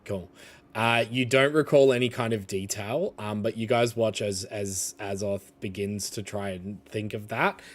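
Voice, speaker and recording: A man's voice: fairly low pitch, steady tone, measured pace. A man narrating as dungeon master in a tabletop game, hesitant and full of fillers and restarts.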